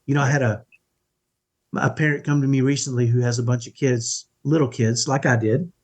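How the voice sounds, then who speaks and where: A man's voice: medium pitch, fairly even intonation, fairly quick. A middle-aged man speaking as a podcast guest in an earnest, emphatic way, often checking in with "right?". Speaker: podcast guest, parenting coach. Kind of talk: conversational interview.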